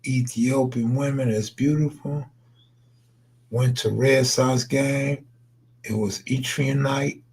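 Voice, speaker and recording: A man's voice: mid-range voice, steady tone, slow pace, darkish tone, breathy edge. A man chatting loosely on a late-night live stream, answering viewers in slangy, laid-back talk that trails into mumbles.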